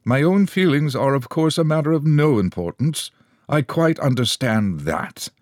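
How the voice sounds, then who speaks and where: A man voicing a pompous, affronted gentleman in an audiobook, prim and wounded. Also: fairly high pitch, animated, normal speed, dry recording, studio quality, pitched above the performer's own voice, lightly acted. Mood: wounded dignity. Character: pompous, huffy dignified gentleman.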